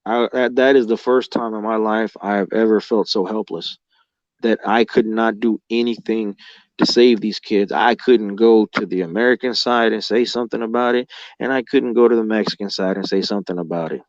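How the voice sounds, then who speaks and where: On a muffled, echo-free recording, a lowish-voiced man speaks at a normal pace with fairly level intonation. As a guest, he casually recounts his own experiences in an emotional, rambling way, swearing heavily and saying "like" often.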